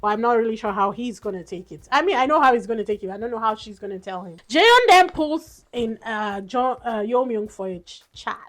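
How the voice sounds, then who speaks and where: A woman's voice: fairly high pitch, animated, brisk, hardly any pauses, a bit bright. A young woman giving a casual, exasperated recap of a dating show, with laughing asides. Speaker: reality show reviewer.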